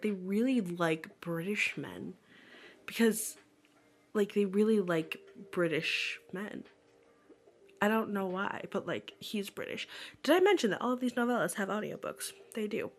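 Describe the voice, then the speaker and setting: A woman hosting a casual book vlog, chatting about a novel she is reading and laughing often as she goes. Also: mid-range voice. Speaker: booktube host.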